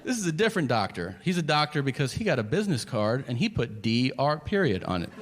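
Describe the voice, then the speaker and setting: Guy doing stand-up, swears a lot, acts out everybody, mid-pitched voice, live hall echo. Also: big pitch swings, fast talker. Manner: profane, conversational, acts out quoted voices. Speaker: stand-up comedian. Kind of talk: stand-up storytelling. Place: large hall before a live audience. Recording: live stage recording in a reverberant hall. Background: audience laughter and ambience.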